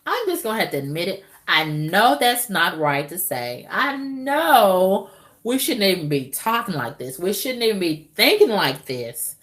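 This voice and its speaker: A middle-aged woman vlogging in a candid, casual monologue to her viewers, drawling with loud whoops and exclamations. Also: mid-range voice, big pitch swings, unhurried.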